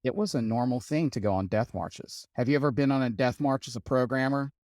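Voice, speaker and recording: Man, guest CTO, emphatic, repeats his points, mid pitch, dry close sound. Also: a little fast, a little mellow, no echo. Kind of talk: panel discussion.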